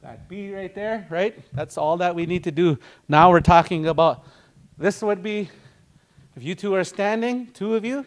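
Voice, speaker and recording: A man's voice: high voice, moderate pace. A man teaching a language class, patiently repeating words and breaking them into syllables for his students.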